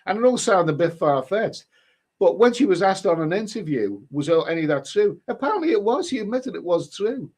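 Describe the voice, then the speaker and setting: A middle-aged man with a voice pitched a little on the high side. He talks in a loose, rambling way, stumbling and restarting his sentences as he chats with viewers on a livestream. His tone is casual and unhurried throughout. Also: big pitch swings, a little mellow, husky. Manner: rambling, halting, with many restarts and repeated words. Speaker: livestream host reading viewer comments.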